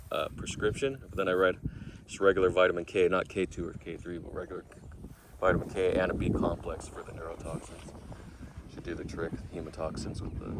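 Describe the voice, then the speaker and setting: A man's voice: sits low, gravelly, noisy background. A man vlogging casually, rambling and correcting himself as he thinks aloud.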